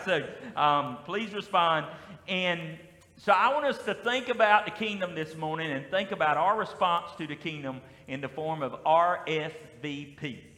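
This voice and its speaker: A man with a Southern US accent preaching a sermon as pastor, with lively call-and-response. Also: a little high. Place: church sanctuary. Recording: echoey hall with long reverb.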